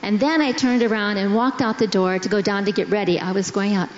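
A middle-aged woman telling a personal story to a church congregation in a slow, earnest way. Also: mid-range voice, steady tone. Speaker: pastor's wife sharing testimony. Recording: echoey hall, dull sound.

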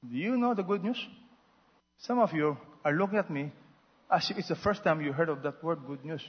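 A man preaching a sermon, swinging between loud exhortations and soft asides and having the congregation repeat after him. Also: on the high side, a little fast, breathy edge. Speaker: pastor. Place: large church hall. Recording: muffled sound with long hall reverb.

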